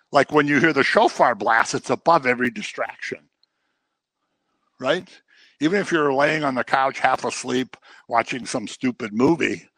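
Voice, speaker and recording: A middle-aged man preaching a sermon, lively and dramatic, slipping into the voices of the people he describes. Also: medium pitch, no echo. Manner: animated, acts out voices of people he quotes. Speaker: pastor.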